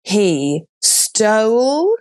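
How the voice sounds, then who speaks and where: Woman, from Wales, podcast guest, giggly, playful quoted voices, animated. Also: mid-range voice, very slow. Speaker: guest storyteller. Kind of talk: casual podcast retelling.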